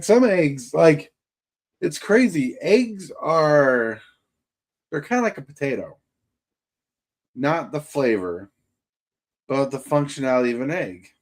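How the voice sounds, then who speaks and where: Male stream host, chatty and rambling, average pitch. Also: animated, measured pace, long pauses. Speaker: livestream host. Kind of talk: casual chat.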